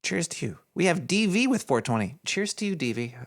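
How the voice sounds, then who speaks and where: With a voice on the high side, very animated and a little fast, a man plays a paranoid male cartoon rat hosting a radio show. Reading donations, he rambles in a scatterbrained way and tosses in jokey asides, like a live-stream chat.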